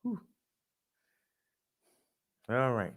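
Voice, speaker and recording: A man running through daily figures in a casual vlog, talking straight to his viewers and drawling key phrases loudly for emphasis. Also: mid-range voice, huge pitch swings, extremely slow. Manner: talks to viewers, says "y'all". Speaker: fitness vlogger. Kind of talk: casual daily stats rundown.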